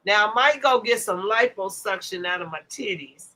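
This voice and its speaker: A woman hosting a podcast, chatting loudly with lots of laughter and profanity. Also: medium pitch, normal speed, background noise. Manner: loud, laughing, profane banter. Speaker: podcast host. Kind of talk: casual chat.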